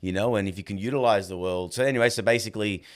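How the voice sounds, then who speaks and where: A man in his thirties, a podcast guest telling casual stories, animated, acting out dialogue and saying "like" and "bro" a lot. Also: lowish voice, rapid-fire. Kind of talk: casual storytelling.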